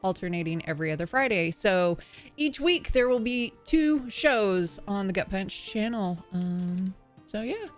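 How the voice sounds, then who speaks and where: A woman's voice: a little high, expressive, measured pace, fairly bright tone, faint music behind. A woman hosting a tabletop game livestream, giving casual announcements with lots of fillers and laughter. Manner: chatty, filler-heavy, laughing often. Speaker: stream host.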